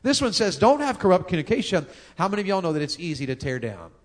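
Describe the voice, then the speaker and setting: A man's voice: sits high, big pitch swings, quick pace. A man, preaching a sermon on marriage in a folksy, joking way and talking with the crowd. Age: 50s. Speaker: pastor.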